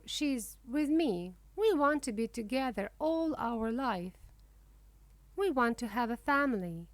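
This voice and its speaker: A woman reads a children's storybook aloud, slowly and clearly, in simple first-person narration. Her pitch is fairly high and very expressive, rising and falling. The recording is close and dry, with no room sound. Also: no room sound. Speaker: storybook reader.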